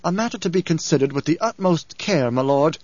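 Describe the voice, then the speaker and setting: A man's voice: normal speed, darkish tone, no echo, lightly acted. A man voicing a fanatical male advisor who talks in an insistent, pleading manner. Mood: warning. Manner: pleading, insistent, higher-pitched. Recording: dull lo-fi audiobook recording.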